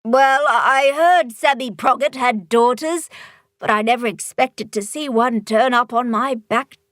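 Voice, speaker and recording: Woman voicing a slow, guarded monster mother. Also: on the high side, fairly bright tone, no echo, studio quality. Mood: softening. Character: large shaggy mother monster, wary then kindly.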